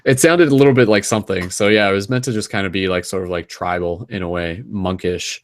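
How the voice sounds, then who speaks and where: A man with a deep, low voice hosts an online group hangout. He talks loosely, with lots of fillers and restarts, and sounds a little tired. The sound is dry and close, with no room echo. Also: fast. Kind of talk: casual rambling group chat.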